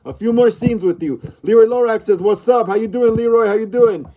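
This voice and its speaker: A man's voice: high-pitched, brisk, mellow, slight background noise. A man hosting a casual livestream from a room at home, greeting viewers over and over and reading chat aloud. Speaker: livestream host. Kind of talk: casual live-stream chat. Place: room at home, mid-move.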